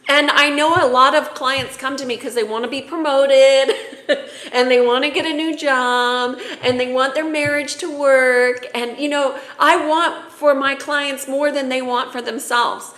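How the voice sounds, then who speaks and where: An earnest woman coach speaks from the heart about the soul, her fairly high voice catching with emotion now and then. The sound carries a roomy echo, as if recorded in a bare room. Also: steady tone, measured pace, fairly bright tone. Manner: earnest, emotional, tearful at times. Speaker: spiritual coach. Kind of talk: heartfelt spiritual talk to camera.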